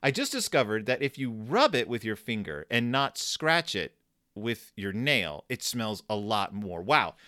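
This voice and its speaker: Brief: wry, jokey male host doing comedic commentary on a book, very lively intonation, dry sound. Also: on the low side, measured pace, dry recording. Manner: wry, jokey, animated storytelling. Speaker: host reviewing a scratch-and-sniff storybook.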